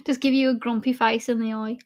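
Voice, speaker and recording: A woman's voice: a little high, a little mellow. A young woman live streamer chatting casually with her chat and laughing often while she drinks. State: drinking alcohol.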